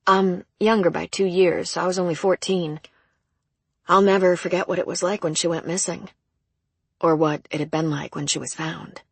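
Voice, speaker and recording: Polite, wary young woman visitor, read by a husky-voiced narrator, low and dry. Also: fairly even intonation, normal speed, dry recording. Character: anxious young woman visiting her sister.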